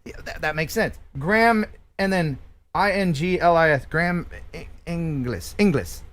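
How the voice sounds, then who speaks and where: A man's voice: high-pitched, normal speed, fairly bright tone. A man from the USA hosting a live stream in casual chat, playful and joking, laughing often.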